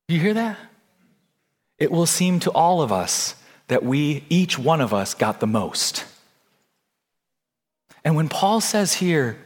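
A man preaching a sermon in a slow, deliberate way, building to impassioned, near-shouted passages. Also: medium pitch, big-room sound. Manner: slow, deliberate delivery with long pauses. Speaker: pastor.

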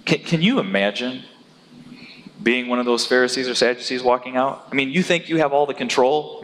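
A man preaching a sermon in an animated way, rising to loud, emphatic peaks as he drives his points home. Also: mid-range voice, fairly quick, a little hiss or hum. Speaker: pastor. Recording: long hall reverb.

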